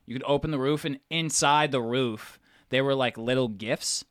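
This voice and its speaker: A man in relaxed casual chat who laughs often and asks the others questions. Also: mid-range voice, normal speed, dry recording, studio quality.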